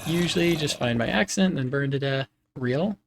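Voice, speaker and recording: A man's voice: mid-range voice, moderate pace, gravelly. A man chatting casually with his viewers on a live game stream, laughing often.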